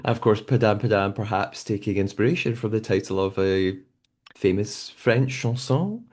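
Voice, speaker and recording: A man hosting a podcast, recapping a show episode in a relaxed conversational way. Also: fairly low pitch, normal speed. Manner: conversational recapping with frequent fillers and restarts. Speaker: podcast host.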